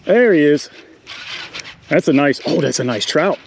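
A man, chatting excitedly to the camera while fishing in a marsh from a small boat. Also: on the high side, unhurried, creaky, noisy background. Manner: excitable, talks to the animals and the viewers. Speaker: fishing vlogger. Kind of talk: casual running commentary while fishing. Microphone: action camera mic.

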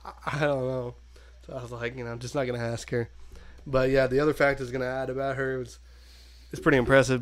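A young man co-hosting a podcast, chatting in an easygoing way and quick to laugh. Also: medium pitch, level tone. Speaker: podcast co-host. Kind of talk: casual chat.

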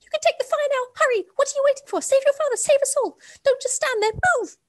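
A woman voicing a tiny, frantic squirrel that squeaks in a panicky rush while reading a storybook aloud. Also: fast.

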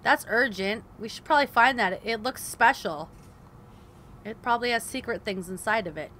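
Young woman, high bright voice, cursing gameplay commentary, faint hiss behind. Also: moderate pace. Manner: frustrated, swearing, talking to herself and viewers. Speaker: gaming video host.

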